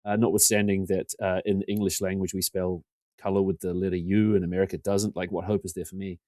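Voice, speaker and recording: A New man in his forties talks fast in a low, easygoing voice, spinning a long, self-mocking yarn as a podcast guest. He keeps slipping into the voices of the people he's quoting. The sound is dry and close, with no room around it. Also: little pitch movement, warm tone, no echo. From New Zealand. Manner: rambling, self-deprecating, acts out quotes. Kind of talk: casual storytelling.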